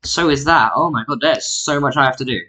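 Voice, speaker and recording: This medium-pitched voice is brisk, pushed and bright. It belongs to a tired-sounding mapping YouTuber who rambles through an alternate history in casual screen-recorded commentary, mocking himself and leaning heavily on "like."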